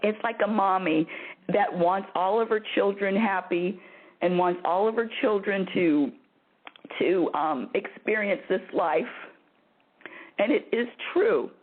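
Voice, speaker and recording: A woman's voice: medium pitch, a little slow. A woman hosting a spiritual advice call-in show, talking in an emphatic, bossy and emotional way, often laughing. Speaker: call-in radio host. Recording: phone-like narrow band.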